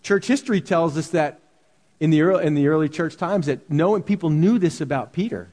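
A man's voice: on the high side, brisk, darkish tone, long reverb tail. A man preaching a sermon as pastor, earnest and full of rhetorical questions.

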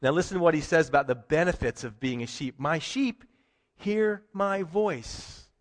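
High-voiced preaching man in a reverberant hall. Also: animated, moderate pace. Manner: emphatic, conversational preaching with rhetorical questions. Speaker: pastor. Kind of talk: sermon.

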